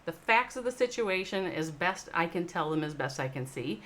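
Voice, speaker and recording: A woman hosting a live stream, talking straight to chat viewers. She swings between loud, emphatic, swearing bursts and slow, soft reflection. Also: fairly low pitch, animated. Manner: addresses chat viewers by name. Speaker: livestream host, esports org owner. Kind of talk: emotional livestream monologue.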